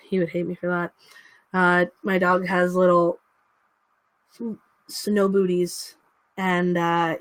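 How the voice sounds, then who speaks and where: A woman's voice: fairly low pitch, a bit bright, no echo. A young woman hosting a casual livestream, chatting to viewers and cooing baby talk to her dog. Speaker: livestream host.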